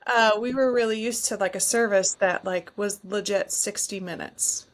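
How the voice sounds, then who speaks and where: A woman's voice: medium pitch, moderate pace. A woman hosting a podcast, chatting casually and reacting to her guest. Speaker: podcast host. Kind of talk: casual chat.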